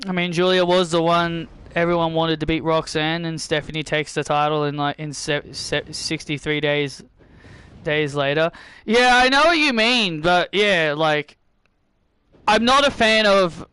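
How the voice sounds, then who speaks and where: A man's voice: a little high, unhurried, pushed and bright, clean tone. A man hosting casual gameplay commentary, rambling and often restarting and correcting himself. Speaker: channel host playing a video game.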